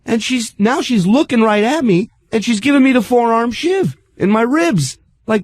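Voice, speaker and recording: A man's voice: extremely high pitch, animated, moderate pace, dry recording, studio quality. A man, a radio co-host and comic, telling a story in casual banter and swearing freely. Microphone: studio microphone.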